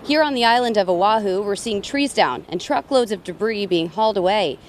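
A woman, a weather reporter, reading a scripted field report in a clear, even way. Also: medium pitch, brisk, a little hiss or hum.

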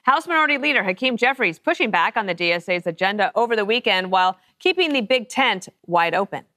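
A woman co-hosting a TV talk show, reading the scripted opening in a lively, wry way. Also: mid-range voice, fast, no room sound, clean studio sound. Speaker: TV show co-host.

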